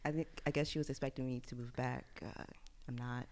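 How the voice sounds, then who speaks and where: On a podcast she co-hosts, a woman shares a personal story, animated and laughing, though her voice drops almost to a whisper when things turn sad. Her voice rumbles low, and she talks fast.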